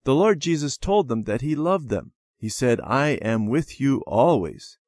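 A man doing a gentle old grandmother. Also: mid-range voice, lively intonation, unhurried, no room sound, studio quality, natural voice. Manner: gentle, soothing storytelling. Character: kind old grandmother telling a bedtime story.

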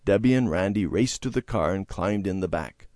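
A man narrating a children's moral story in an expressive, sing-song reading style. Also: sits low, normal speed, no room sound, clean studio sound. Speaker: story reader.

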